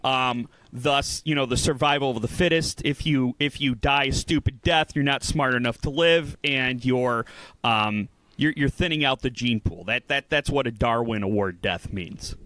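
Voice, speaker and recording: A man's voice: mid-range voice, normal speed, a bit bright, no echo. A man co-hosting a casual comedy podcast, ranting in mock indignation during banter with his co-host. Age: adult.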